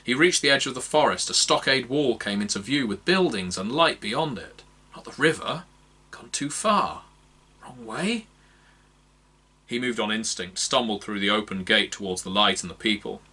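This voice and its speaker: A man narrating a fantasy novel aloud in a measured, expressive reading. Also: on the low side, slightly rough. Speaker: audiobook narrator. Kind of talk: scripted narration.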